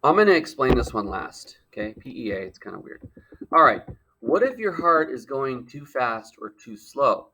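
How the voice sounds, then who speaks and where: Guy teaching a lecture, jokey asides, pretty bright sharp tone. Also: mid-range voice, sing-song, normal speed, a little hiss or hum. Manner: playful, joking asides.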